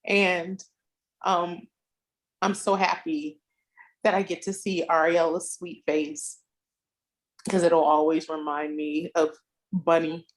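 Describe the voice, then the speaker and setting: A woman speaking slowly and warmly about a friend at a memorial on a video call. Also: on the low side, flat delivery. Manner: heartfelt, slow, with fillers. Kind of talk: memorial tribute.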